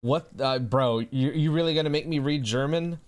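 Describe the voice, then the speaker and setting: A man's voice: a little high, normal speed. A man streaming live who chats casually with his audience in a laid-back way, swearing often and calling people bro.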